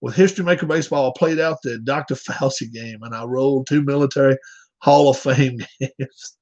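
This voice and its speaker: A man's voice: medium pitch, brisk, a little mellow. A man chatting casually with his viewers, rambling and joking as he reads their comments aloud. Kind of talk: casual chat. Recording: dull lo-fi recording.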